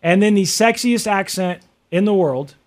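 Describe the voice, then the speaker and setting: Midwestern American man co-host, higher-pitched voice, rambling casual talk. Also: normal speed. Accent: General American Midwest. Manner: chatty, musing, full of fillers and restarts. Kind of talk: casual chat.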